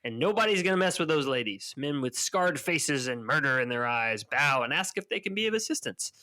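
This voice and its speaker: A man's voice: expressive, fairly quick, bright, forceful tone. Man recapping chapters on a podcast. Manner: retells chapters, voicing characters' lines with a lifted pitch. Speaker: podcast co-host. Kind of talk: casual book-club recap.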